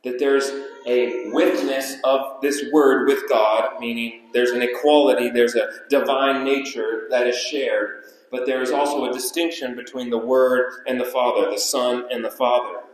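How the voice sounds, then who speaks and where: A man preaching a sermon as pastor, with emphatic delivery that repeats key phrases and slows down for weight. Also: mid-range voice, fairly even intonation. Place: church sanctuary. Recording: echoey church hall.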